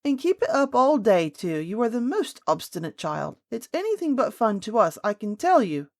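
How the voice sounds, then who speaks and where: Woman doing a shrill scolding nurse, flustered and angry, storybook reading, dry close sound. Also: steady tone, a little slow, dry recording, lightly acted. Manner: shrill scolding, sharp outbursts.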